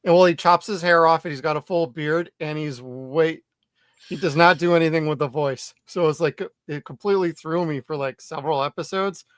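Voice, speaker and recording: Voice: medium pitch, a little fast, clean tone, dry recording, clean studio sound. A podcast host in a casual movie chat, chatty and swearing freely.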